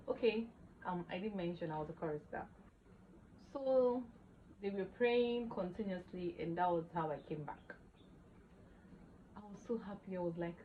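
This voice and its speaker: A young woman gives an animated, emotional first-person testimony for her vlog. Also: lowish voice, moderate pace, long pauses, muffled recording, slight background noise. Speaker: vlogger.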